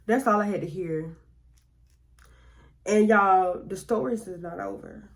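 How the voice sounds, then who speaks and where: A woman's voice: medium pitch, a little slow. A woman telling a personal story in a casual, slangy way, often acting out what other people said. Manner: slangy, conversational, acts out quoted voices. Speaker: storytime vlogger.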